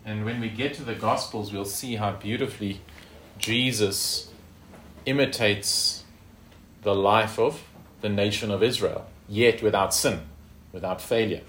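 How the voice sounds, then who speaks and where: A man's voice: lowish voice, steady tone, unhurried, fairly bright tone, reverberant, a little hiss or hum. A man teaching a Bible study in a conversational way, with fillers and tag questions.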